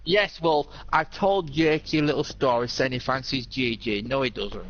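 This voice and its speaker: A man's voice: medium pitch, normal speed, fairly bright tone, dull audio. A man with a British accent teasing a friend over voice chat while gaming. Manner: teasing, gossipy. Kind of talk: casual chat over gameplay.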